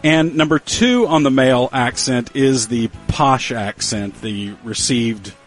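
A man hosts a casual radio talk show in a middle-pitched voice, joking and teasing his co-hosts. Faint music plays underneath the conversation. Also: unhurried. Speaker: radio host.

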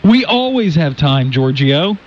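A man's voice: fairly high pitch, big pitch swings, a little slow. A male radio host in casual studio banter, playful and teasing, laughing often. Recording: dull lo-fi radio audio, faint noise.

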